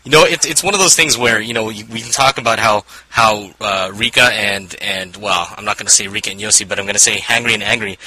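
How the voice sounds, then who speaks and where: A man hosting a casual fan podcast, calling out shout-outs in a laid-back, hyped-up way. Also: on the low side, steady tone, fast talker, few pauses, slight background noise, poor audio. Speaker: podcast host.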